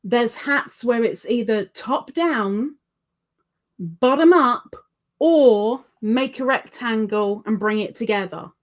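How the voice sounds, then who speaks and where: Woman livestream host, higher voice, slow unhurried chat, reads comments aloud, laughs often.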